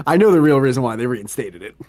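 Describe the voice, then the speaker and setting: A man co-hosting a podcast in casual chat, telling stories in an animated way and swearing freely. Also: medium pitch, a little fast, dry recording. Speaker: podcast co-host.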